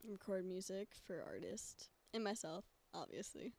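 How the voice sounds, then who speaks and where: Giggly teenage girl with a lively voice. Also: medium pitch, normal speed, gravelly, a little hiss or hum. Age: late teens. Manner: giggly, laid-back. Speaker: guest. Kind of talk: casual chat. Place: bedroom.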